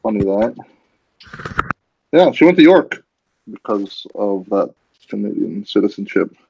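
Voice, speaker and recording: A man with a lowish voice talks loosely in a casual group hangout. He rambles and restarts his sentences as he goes. The recording sounds dull and lo-fi. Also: big pitch swings, unhurried, gravelly, warm tone, a little hiss or hum. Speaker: host.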